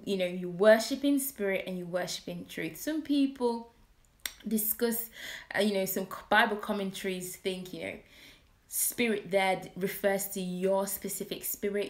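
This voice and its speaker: A woman giving an earnest, conversational talk about her faith, dropping into soft hushed asides. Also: medium pitch, echoey room. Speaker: Christian vlogger. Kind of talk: reflective personal talk on worship.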